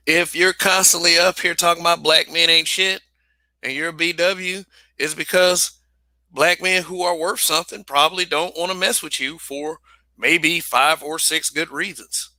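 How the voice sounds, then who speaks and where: Blunt, bright-voiced male livestream host. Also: a little high, steady tone, normal speed, no room sound. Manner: blunt and profane, with frequent restarts and repeated phrases. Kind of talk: casual livestream commentary.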